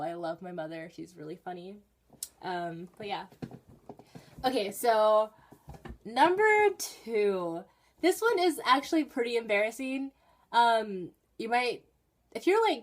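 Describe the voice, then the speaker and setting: A teenage girl telling stories in a casual, rambling vlog from her bedroom, with bursts of excited emphasis. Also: fairly high pitch. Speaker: vlogger.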